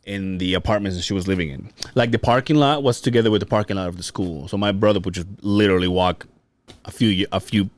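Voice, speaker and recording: A man's voice: lowish voice, quick pace, no echo. A man from Mexico, a podcast co-host, chatting casually and rambling with lots of fillers and restarts. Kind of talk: casual chat.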